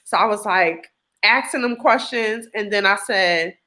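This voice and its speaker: A woman giving an emotional personal testimony, animated and acting out what others said to her. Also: mid-range voice, measured pace. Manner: animated storyteller acting out quoted dialogue. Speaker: testimony guest.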